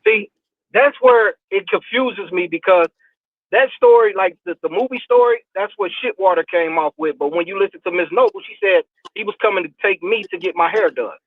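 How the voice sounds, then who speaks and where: A man's voice: high voice, fairly quick, dry recording. A man calling in to a casual discussion, hesitant, repeating words as he talks. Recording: tinny phone line.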